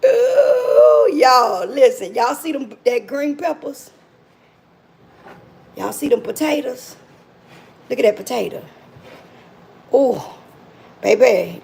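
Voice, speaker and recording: This Miami woman runs a laid-back cooking livestream from her kitchen at home, joking with and teasing viewers through her phone in drawling African American Vernacular speech. She speaks unhurriedly, pausing often, in a slightly high, mellow, gravelly voice. The rough recording carries a faint hiss or hum.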